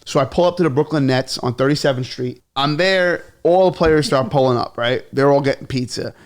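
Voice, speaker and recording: A man, a comedian, telling stories in a casual chat, animated and quick to laugh, swearing freely. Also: mid-range voice. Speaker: comedian guest.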